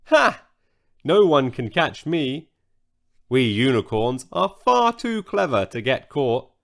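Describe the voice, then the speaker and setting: A man's voice: mid-range voice, big pitch swings, takes it slowly, creaky, fairly bright tone, heavily acted. A man voicing a vain, pompous male unicorn in a children's story, haughty and sulky by turns. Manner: haughty, sulky, self-admiring.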